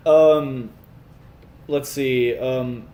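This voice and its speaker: A man co-hosting a podcast in casual chat, laughing often and breaking into animated voices to quote sketches. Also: medium pitch, drawn-out words, reverberant. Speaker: podcast co-host.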